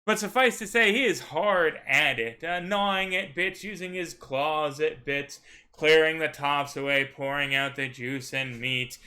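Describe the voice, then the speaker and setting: A man's voice: on the high side, measured pace, pushed and bright. A man narrating a tabletop game as game master, wordy and theatrical, with frequent "right?" asides.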